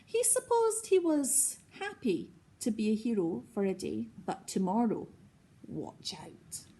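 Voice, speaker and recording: A woman teacher reading a children's story aloud, pausing gently to ask the listening kids questions. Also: on the high side, wildly swooping pitch, a little hiss or hum.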